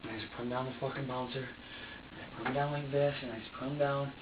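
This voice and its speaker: A distressed man being questioned in an interrogation room, talking in halting, repetitive bursts and swearing often. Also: medium pitch, fairly even intonation, noisy background. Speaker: interrogation suspect. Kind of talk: emotional confession under questioning. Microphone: security camera from a distance. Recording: dull roomy distant security-camera audio.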